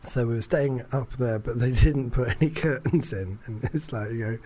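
An Englishman with a mid-range, somewhat mellow voice talks at normal speed in a casual chat. His holiday anecdote wanders along, peppered with fillers and frequent curse words.

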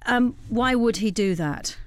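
A woman presenting radio news, asking crisp, businesslike questions. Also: fairly high pitch, measured pace, no room sound.

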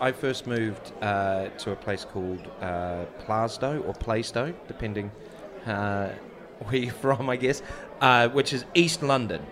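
A man with a New Zealand accent telling animated anecdotes in a casual chat. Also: lowish voice, a little slow, few pauses, crowd noise.

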